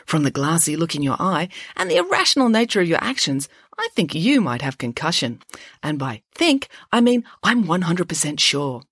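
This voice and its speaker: A woman's voice: low-pitched, very animated, moderate pace, fairly bright tone, husky, no echo, studio quality, exaggerated voice. A woman voicing a prim, know-it-all schoolgirl. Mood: coolly superior. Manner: prim, articulate, coolly polite.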